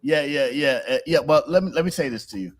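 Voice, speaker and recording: A male host in casual comedic chat, animated and laughing often, cursing freely. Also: quick pace. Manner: animated, laughing, cursing, jumps to high-pitched bits.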